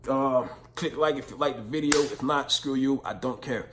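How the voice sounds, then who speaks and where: A man's voice: medium pitch, normal speed, background noise. A young man vlogging, telling a story in casual slang, full of profanity and "you know what I'm saying".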